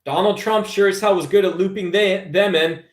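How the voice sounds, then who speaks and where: A man's voice: sits high, steady tone, moderate pace. A man hosting a live stream, rambling through a casual political rant to his chat and calling listeners brother. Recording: echoey room.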